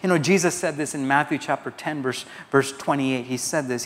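A man's voice: medium pitch, brisk, hardly any pauses, big-room sound. A man from India preaching a sermon as pastor, quoting scripture and telling anecdotes to his congregation. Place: large church hall.

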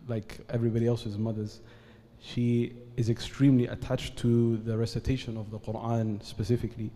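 Male panel guest, earnest and deliberate, dark monotone delivery, live hall reverb. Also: fairly low pitch. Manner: measured and earnest, with frequent "uh" pauses and Arabic formulas. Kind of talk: formal talk at a live event. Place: event hall at an Islamic centre.

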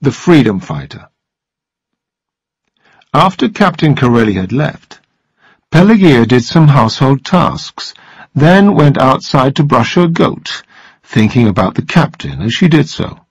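A man narrating a story in a slow, even reading voice for language learners. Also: mid-range voice, breathy edge, no echo, lo-fi sound.

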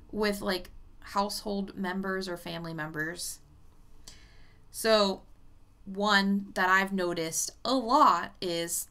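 A woman medium chats casually to the camera, with a bright, forward tone at an ordinary middle pitch. She talks bluntly and swears freely, mixing advice with offhand asides. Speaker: psychic medium. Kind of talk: casual vlog talk.

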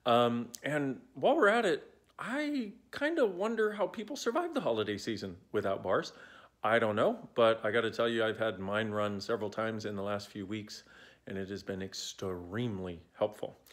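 A man in his forties speaks casually into a phone held at arm's length, coaching viewers in a playful, wandering way. His pitch swings widely and freely, and he drifts off on side jokes before circling back. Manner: animated, playful, digressive. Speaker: self-help speaker. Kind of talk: casual talk to camera.

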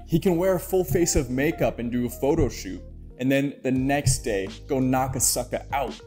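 A man's voice: medium pitch, dark tone. A man narrates a scripted video essay in a mid-range voice. His delivery is playful and jokey, and he slips in mock-dramatic asides.

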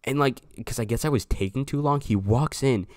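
A man's voice: mid-range voice, fairly quick, darkish tone, dry recording, clean studio sound. A young man telling a casual storytime to his viewers, loose and slangy, swearing freely. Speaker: storyteller vlogger.

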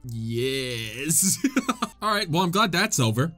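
Excitable young man yelping over gameplay. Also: high voice, moderate pace, faint music behind. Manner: excitable, yelps and shrieks, frustrated outbursts. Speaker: gaming video creator. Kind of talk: let's play commentary.

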